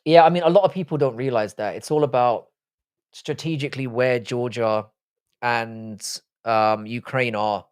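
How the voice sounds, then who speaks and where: A man's voice: medium pitch, normal speed, clear, resonant tone. A man in his forties hosting a live stream, answering viewer chat in casual, blunt, profane, joking banter. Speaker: livestream host.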